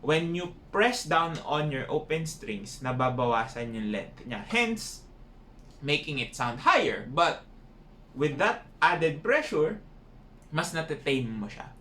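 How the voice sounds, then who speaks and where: A man's voice: on the high side, very animated, measured pace, sharp tone. A man with a Filipino accent giving a casual violin lesson, often ending points with tag questions. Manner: mixes English and Filipino, frequent tag questions. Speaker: violin teacher. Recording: echoey room with faint noise.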